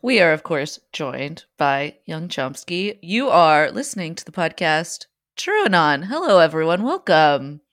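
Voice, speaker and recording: A woman co-hosting a podcast in casual chat, with a wry, drawn-out delivery. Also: sits low, big pitch swings, a bit bright. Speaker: podcast host.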